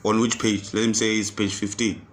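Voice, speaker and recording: A man tutoring computer skills, walking through a software task step by step and repeating each instruction. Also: on the low side, flat delivery, moderate pace, a little hiss or hum. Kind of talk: screen-recorded software tutorial.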